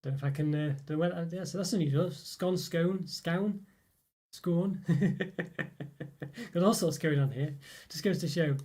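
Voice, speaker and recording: A man's voice: on the high side, a little fast, warm tone, husky. Chatty man hosting a live stream. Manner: rambling, chatty, many fillers and laughs. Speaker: live stream host reviewing chocolate. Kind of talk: casual live chat reading viewer comments.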